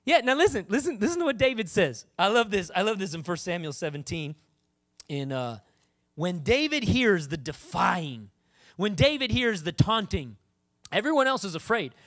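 Woman preacher, sermon, lively swooping pitch, chatty, acts out voices. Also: moderate pace. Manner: animated, conversational, acts out quoted voices.

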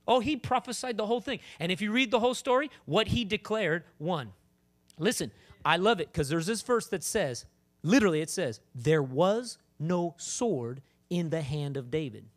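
A man preaching a lively sermon to a congregation, emphatic and calling out to them. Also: sits high. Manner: animated, emphatic, calls out to the congregation. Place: church with congregation.

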